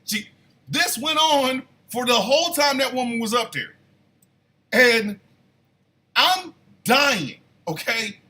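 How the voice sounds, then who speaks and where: A man hosting a morning show, telling a comic story in a casual, animated way with loud bursts of disbelief. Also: very high voice, a little slow.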